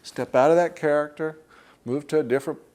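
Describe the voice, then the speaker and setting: A man's voice: fairly high pitch, fairly quick, a little mellow. A man teaching a workshop group in a conversational way. He often checks in with "okay?" and acts out inner voices while he explains.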